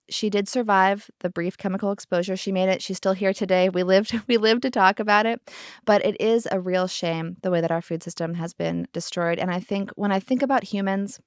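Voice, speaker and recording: A woman's voice: mid-range voice, no room sound, clean studio sound. Wry woman hosting a podcast. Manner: wry, sarcastic storytelling. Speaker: podcast host. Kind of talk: casual conversation.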